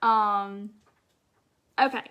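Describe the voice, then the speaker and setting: A woman's voice: mid-range voice, fairly even intonation, drawn-out words, smooth, lo-fi sound. A Southern woman from Mississippi hosting a casual craft livestream, folksy and chatty, reading viewer comments aloud.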